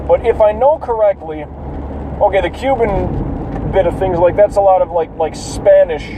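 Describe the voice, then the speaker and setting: Man, high voice, casual profane vlog ramble, noisy car recording. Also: moderate pace. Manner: rambling, profane, many fillers. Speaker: vlogger.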